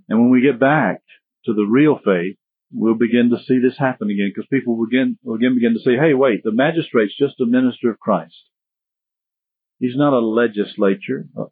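A man with a Southern US accent preaching a sermon as pastor in a folksy, animated way. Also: medium pitch, slightly rough, dry recording. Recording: tinny phone-like sound.

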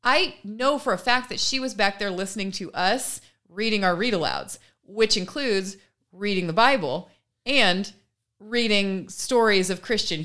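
Telling a story on the podcast she co-hosts, a woman in her thirties chats casually and animatedly, voicing each person she quotes. Her pitch is medium.

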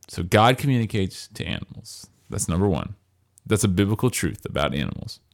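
A man with a fairly low voice co-hosts a casual podcast. He rambles in a chatty way and breaks off to read list items aloud. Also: sing-song, brisk, gravelly. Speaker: podcast co-host.

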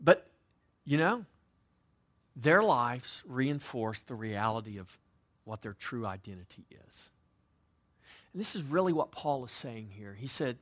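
A man preaching a sermon as pastor, with dynamic delivery that moves between loud emphasis and quiet, conversational asides. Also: mid-range voice, sing-song, a little slow, pauses often. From United States.

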